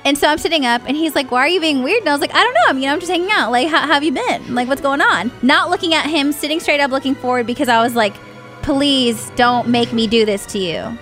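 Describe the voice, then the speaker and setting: A woman's voice: high voice, animated, rapid-fire, few pauses, fairly bright tone, faint music behind. A woman co-host telling a personal story in casual chat, full of "like" and acted-out dialogue. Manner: chatty, heavy filler "like", acts out dialogue.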